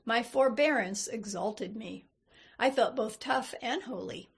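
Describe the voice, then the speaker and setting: A woman reading a first-person story aloud in a measured, unhurried way. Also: fairly high pitch, breathy edge. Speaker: reader. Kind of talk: storybook narration.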